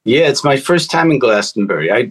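A man from Brooklyn with a New York accent, chatting as a guest on an interview show. He sounds relaxed and friendly, often with a slight chuckle, and his voice sits at a middling pitch for a man. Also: fairly quick, rough recording. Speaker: musician guest. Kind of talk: casual interview chat.

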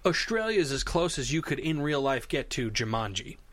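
American male podcast co-host, bright forceful voice, casual rambling banter. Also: medium pitch, sing-song, brisk, dry recording. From United States. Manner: joking, rambling, lots of restarts. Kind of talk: casual chat.

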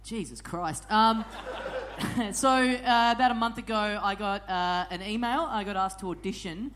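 A man's voice: high voice, unhurried, a bit bright, slight background noise. A man hosting a live podcast, teasing his guests in a dry way. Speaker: podcast host.

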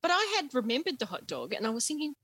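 A woman's voice: high voice, wildly swooping pitch, fairly bright tone, slightly rough, dry recording. A woman co-hosting a casual comedic book talk, giggly and often laughing. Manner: slow, giggly, prone to laughing. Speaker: podcast co-host.

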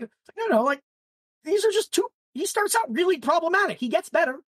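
A woman's voice: high-pitched, wildly swooping pitch, brisk, no room sound, studio quality. A woman co-hosting a book podcast in casual chat, full of "like" and restarts. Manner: chatty, lots of "like" and restarts. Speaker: podcast co-host.

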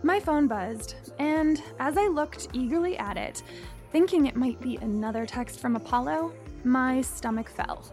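A young woman reading a first-person story in a reflective, measured way. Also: high voice, lively intonation, a little mellow, faint music behind. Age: young adult. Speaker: narrator.

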